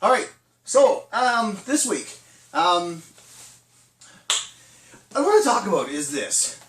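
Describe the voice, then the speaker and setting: A man's voice: high-pitched, sing-song, takes it slowly, a bit bright, slight background noise. A middle-aged man leading a casual children's church talk, chatty with restarts and acted-out quotes. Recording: echoey room, from a distance.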